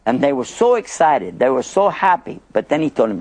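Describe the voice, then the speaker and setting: A man's voice: medium pitch, very animated, fairly quick, hardly any pauses, a little mellow, dry recording. A man narrating a prophet story in a chatty, playful, dramatic way. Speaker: Islamic storyteller.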